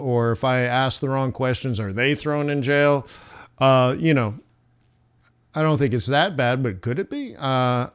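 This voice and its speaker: A man's voice: medium pitch, clean tone. A man hosting a trading livestream, rambling casually and joking at his own expense as he chats with viewers. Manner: rambling, self-mocking, chatty with viewers. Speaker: forex livestream host.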